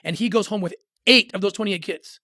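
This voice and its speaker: A middle-aged man telling a personal story in an interview, earnest and halting, with many restarts as he acts out the voices of others. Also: sits high, sharp tone, no room sound, studio quality. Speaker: interview guest.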